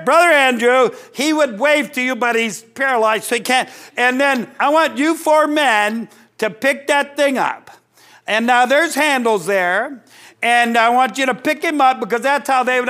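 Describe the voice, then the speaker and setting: Preacher guy, real high voice, folksy and jokey, keeps restarting lines. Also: bright, forceful tone. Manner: folksy, joking, halting restarts. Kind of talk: sermon with live illustration.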